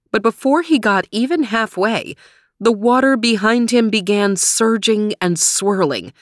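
A woman narrating a children's adventure story in a measured, expressive way. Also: medium pitch, no echo, studio quality.

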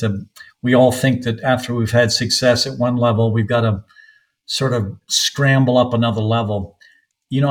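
An older man from North Carolina, a soccer coach guest on a podcast, telling long anecdotes with frequent pauses. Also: mid-range voice, low-quality recording. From North Carolina, USA. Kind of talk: podcast interview storytelling.

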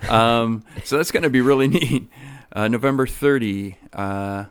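A musician guest chatting casually, hesitant and hedging with lots of fillers. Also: male voice, medium pitch, a little slow, clear, resonant tone, no room sound, clean studio sound. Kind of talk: casual interview chat.

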